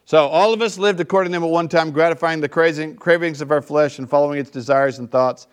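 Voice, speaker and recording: A man preaching a sermon in a relaxed, conversational way, often checking in with his listeners. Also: fairly high pitch, quick pace, smooth. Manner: conversational, keeps asking "right?". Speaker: pastor.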